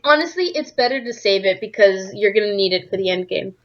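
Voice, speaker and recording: A woman's voice: mid-range voice, animated, a little fast. A woman bantering playfully with a friend while playing a video game, on a dull lo-fi mic. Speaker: co-host of a game playthrough. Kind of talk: casual gaming commentary.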